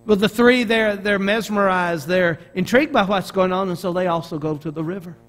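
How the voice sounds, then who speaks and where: A middle-aged man from Arkansas with a Southern American accent, preaching a sermon as a pastor in an animated storytelling manner with frequent restarts. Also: high-pitched, brisk.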